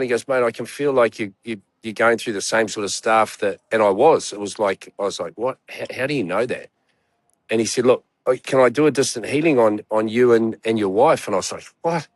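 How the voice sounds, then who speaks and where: A man's voice: medium pitch, brisk, dry recording. Rambling New man, dry sound. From New Zealand. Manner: rambling, swearing storyteller full of fillers. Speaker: guest. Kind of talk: casual chat.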